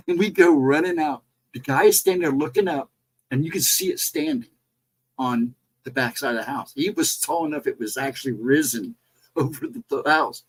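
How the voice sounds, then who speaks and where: A man telling a spooky encounter in a casual, rambling, animated way. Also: mid-range voice, moderate pace, slightly rough, poor audio. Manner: animated, rambling retelling with restarts. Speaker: storyteller. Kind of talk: casual spoken ghost story.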